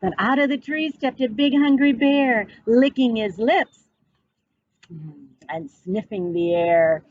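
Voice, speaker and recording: A woman teacher reading a picture book aloud to children, pausing to ask them questions. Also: a little high. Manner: slow, animated, asking children questions. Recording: dull, slightly noisy recording.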